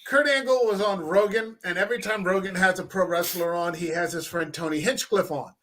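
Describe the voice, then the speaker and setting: A man hosting a casual podcast chat, telling profane, animated stories and acting out quoted lines. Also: high-pitched, brisk. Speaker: podcast host.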